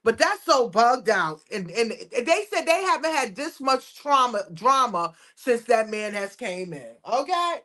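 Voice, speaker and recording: A woman's voice: on the high side, very animated, a little slow, few pauses, pushed and bright. A woman co-hosting a casual podcast, talking bluntly and animatedly and acting out quotes. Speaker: podcast co-host. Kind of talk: casual chat.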